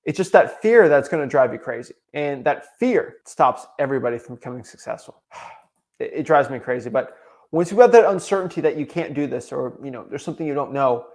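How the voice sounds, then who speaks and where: Fast-talking young man giving a pep talk. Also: mid-range voice. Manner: fast, emphatic, repetitive motivational delivery. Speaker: real estate wholesaling coach. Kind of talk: motivational talk to camera.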